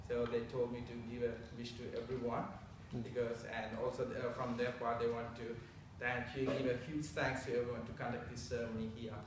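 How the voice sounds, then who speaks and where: A young man from India giving a halting, chatty speech at a citizenship ceremony, laughing often. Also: medium pitch, completely flat delivery, noisy background. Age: young adult. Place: council meeting room. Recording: echoey council chamber from far off.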